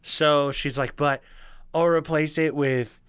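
A young man telling a story in casual chat, animated, swearing freely and acting out the people he quotes. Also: fairly high pitch, takes it slowly, clean tone, dry recording.

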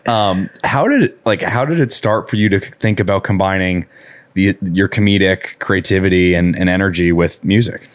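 A man from the northeastern United States hosting an interview, asking relaxed, rambling questions. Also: low voice, normal speed, no echo. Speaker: podcast host. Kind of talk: casual interview chat.

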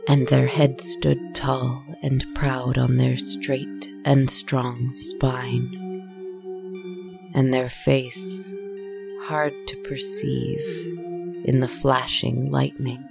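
A storyteller reading a dark tale in a slow, solemn, measured way. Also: mid-range voice, level tone, gravelly, over music. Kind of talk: scripted story narration.

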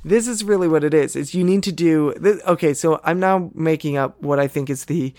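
A man co-hosting a casual podcast chat, answering with quick, jokey reactions. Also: on the high side, darkish tone, no room sound, clean studio sound. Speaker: podcast co-host.

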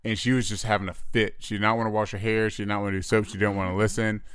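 A man in his thirties co-hosting a podcast, telling animated stories and mimicking voices. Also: fairly low pitch, very fast, smooth, no echo, clean studio sound. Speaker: podcast co-host. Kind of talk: casual chat.

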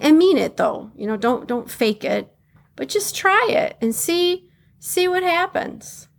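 A woman's voice: high-pitched, creaky. A woman hosting a motivational podcast on her own, talking in a candid, blunt way, acting out what other people say and laughing often. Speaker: podcast host. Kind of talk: motivational solo podcast talk.

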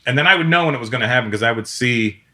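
A comedian telling stories in casual chat, acting out quotes with big jumps in his voice. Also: very fast. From Canada. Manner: animated, acts out quotes with big pitch jumps.

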